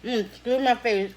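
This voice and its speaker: Slow-talking woman eating on camera. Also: medium pitch. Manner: chatty, slangy, talks between bites with lots of mm sounds. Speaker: mukbang vlogger. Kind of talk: casual eating vlog.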